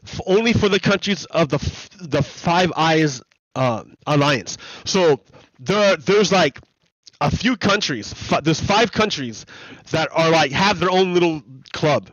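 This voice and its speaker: A man's voice: fairly high pitch, animated, a little slow, fairly bright tone, dry recording. An American man hosting a livestream, giving casual commentary in a chatty way, laughing often and repeating his points. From United States. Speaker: livestream host. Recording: dry, slightly dull lo-fi sound.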